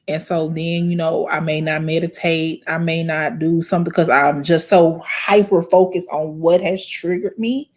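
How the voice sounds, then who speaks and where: Animated woman chatting to viewers. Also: lowish voice. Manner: animated, preachy, talks straight to viewers; emotional, tearful, halting. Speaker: host. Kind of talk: casual livestream chat.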